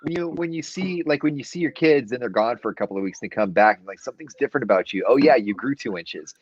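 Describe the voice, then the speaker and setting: A man co-hosting a radio show, chiming in with quick reactions and asides in casual banter. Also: medium pitch, animated, no room sound. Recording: dull, dry lo-fi audio.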